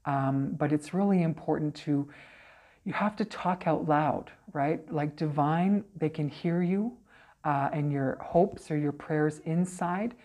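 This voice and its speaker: A woman with a low voice speaks slowly as a psychic medium guest in a casual interview. She tells stories in a chatty, animated way, often tagging her lines with "okay" and "right."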